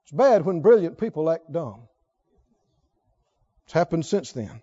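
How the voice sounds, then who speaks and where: A man's voice: on the high side, sing-song, a little slow, pauses often, mellow, lo-fi sound. A male pastor preaching emphatically, often putting questions to his congregation. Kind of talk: sermon.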